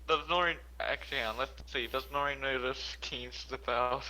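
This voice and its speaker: A man's voice: mid-range voice, moderate pace, bright, forceful tone, a little hiss or hum, low-quality recording. A man playing in a casual tabletop role-play session, easygoing and thinking aloud. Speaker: player.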